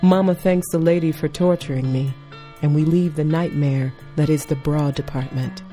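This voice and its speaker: A woman performing a wry spoken-word personal story in a deliberate delivery, with faint music behind. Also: low-pitched, fairly even intonation, warm tone.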